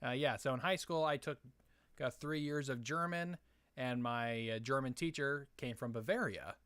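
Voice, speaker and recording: Smooth-voiced man hosting a live stream. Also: medium pitch, moderate pace, a bit bright, no room sound. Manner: hesitant, many fillers and restarts. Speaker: live stream host answering chat questions.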